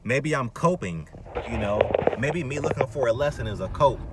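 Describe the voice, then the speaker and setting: A man in his thirties, a vlogger with a mid-range, animated voice at normal speed, rants in a rambling monologue while driving. His voice climbs into exasperated outbursts over car road noise.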